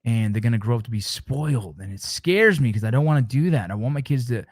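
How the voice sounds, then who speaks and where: A man's voice: medium pitch, lively intonation, fast, breathy edge, dry recording, studio quality. A middle-aged man hosting a show, talking to his listeners in an earnest, heartfelt way, with repeated words and restarts. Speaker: show host. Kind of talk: casual motivational talk to listeners.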